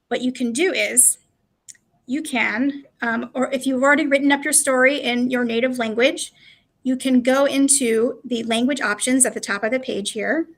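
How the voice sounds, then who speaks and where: A woman's voice: high-pitched, bright, forceful tone. A woman presenting a live webinar walkthrough, chatty and explanatory, with frequent fillers. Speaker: presenter of a live product demo.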